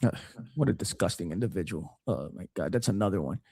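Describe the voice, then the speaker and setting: A man hosting a podcast, giving casual political commentary in an animated way with frequent stammered restarts. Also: low-pitched, fast, vocal fry, husky, dry recording, studio quality. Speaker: podcast host.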